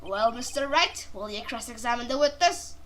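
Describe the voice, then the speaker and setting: A woman voicing a stern elderly male judge in a game, speaking low, formal and deliberate. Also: slight background noise, lightly acted.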